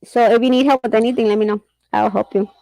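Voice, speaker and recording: A woman's voice: a little high, steady tone, quick pace, vocal fry, mellow, dry recording, rough recording. Rambling, laughing woman chatting casually. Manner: rambling, laughs often, acts out her son's voice. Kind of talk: casual chat.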